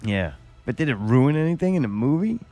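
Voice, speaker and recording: A man's voice: mid-range voice, big pitch swings, a little fast, mellow, soft background music. Profane, ranting male podcast host. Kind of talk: casual chat. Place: studio.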